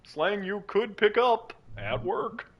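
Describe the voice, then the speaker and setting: A man's voice: high-pitched, expressive, slow, muffled recording, slight background noise. A man streaming a game with a friend, keeping up casual joking banter. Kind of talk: casual gameplay chat.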